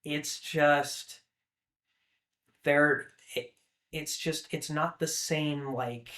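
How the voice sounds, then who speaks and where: Higher-voiced man rambling eagerly about film. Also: steady tone, drawn-out words, sharp tone. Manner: enthusiastic, rambling with many "like" fillers. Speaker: podcast co-host. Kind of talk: casual film discussion.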